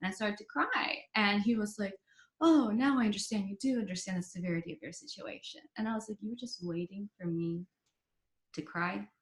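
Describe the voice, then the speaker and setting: Talking a little fast in a mid-range voice, a young woman recounts her story as a podcast guest, acting out what others said and scattering "like" and "you know" everywhere. The casual interview has a roomy echo.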